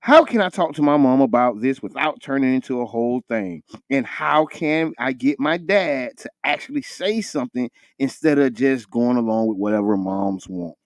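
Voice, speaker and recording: A man co-hosting a morning radio talk show, with casual, animated banter. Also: moderate pace, creaky, few pauses, no echo. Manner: animated, jumps high when joking, laughs often. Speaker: radio co-host.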